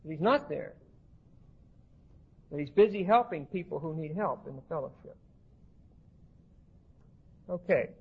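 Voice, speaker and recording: A man's voice: on the high side, lively intonation, unhurried, vocal fry, long pauses, breathy edge, lo-fi sound. A man teaching a class on the Bible, often checking in with his listeners and restarting his phrases. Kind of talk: classroom lecture on scripture.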